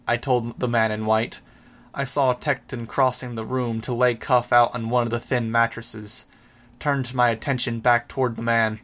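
Male audiobook narrator, steady reading. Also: medium pitch, normal speed. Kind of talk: first-person audiobook narration.

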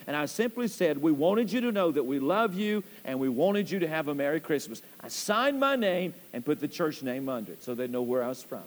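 A male pastor, preaching a storytelling sermon in a church and swinging between hushed and loud passages. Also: high voice. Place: church sanctuary. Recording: church hall with long reverb.

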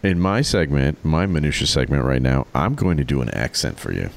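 Brief: male podcast co-host, low and animated, deadpan jokes, close dry mic. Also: brisk, gravelly. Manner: joking, wry storyteller. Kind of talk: casual comedic chat.

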